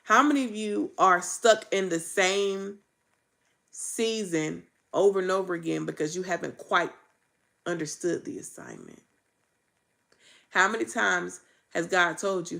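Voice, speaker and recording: Gravelly, raw-spoken woman vlogger. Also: on the low side, big pitch swings, unhurried, long pauses, fairly bright tone. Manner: raw, emphatic, preachy, repeats phrases. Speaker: faith vlogger. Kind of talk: candid faith vlog.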